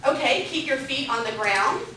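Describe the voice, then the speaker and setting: Brief: high, bright woman teaching a class. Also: animated, moderate pace, a little hiss or hum. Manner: upbeat, asks the group questions, repeats their answers. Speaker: parenting class instructor. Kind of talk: interactive classroom lecture. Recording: echoey room from a distant mic.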